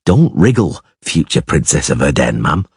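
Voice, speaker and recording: A man reading a fantasy audiobook, voicing a gruff, stern, weary monster hunter who talks curtly and dryly. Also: very deep voice, very animated, moderate pace, dry recording, pitched below the performer's own voice, exaggerated voice. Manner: stern, dry, curt.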